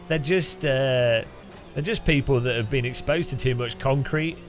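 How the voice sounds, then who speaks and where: A man's voice: medium pitch, moderate pace, soft background music. A middle-aged man, chatting casually and jokingly while streaming a game live, often chuckling as he rambles. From English Midlands.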